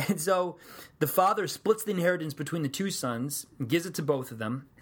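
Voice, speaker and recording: Guy preaching, kinda high voice, super casual and jokey like he's just talking to friends. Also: moderate pace, slightly rough. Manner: casual, conversational storytelling with joking asides. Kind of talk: sermon.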